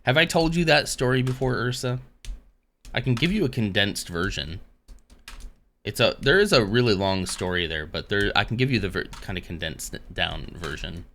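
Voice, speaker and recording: A man's voice: on the low side, animated, moderate pace, a bit bright, slight background noise. A man hosting a casual live stream, rambling along between dad jokes. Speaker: livestream host.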